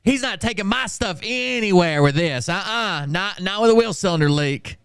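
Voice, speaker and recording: A man voicing a loud, bossy young male mechanic who keeps shouting orders. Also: high-pitched, expressive, moderate pace, gravelly, clean tone, dry recording, studio quality, pitched above the performer's own voice, full character voice. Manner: shouting, insistent.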